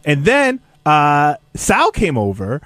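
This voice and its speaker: Male staffer, slightly high, laid-back, tells an anecdote, dry close mic. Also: no room sound. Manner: relaxed anecdote teller with filler pauses. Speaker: radio show staffer. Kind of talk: casual studio chat.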